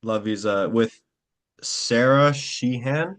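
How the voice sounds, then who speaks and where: A young man, an actor, chatting casually in an interview, rambling with lots of fillers and quick acted-out quotes. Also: medium pitch, fairly bright tone.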